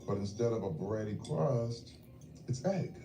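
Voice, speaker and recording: A man telling personal stories in a casual chat over a meal, emotional and animated, dropping to murmurs and rising to loud bursts. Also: on the low side, a little slow, soft background music. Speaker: guest. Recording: echoey, distant, noisy room.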